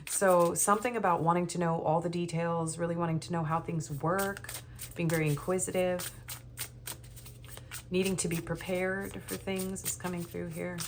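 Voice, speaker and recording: A woman's voice: lowish voice, fairly even intonation, normal speed, slight background noise. A woman giving a tarot reading, talking in a rambling, hesitant way with many ums, and sounding nervous. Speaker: tarot reader. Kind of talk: casual tarot reading monologue.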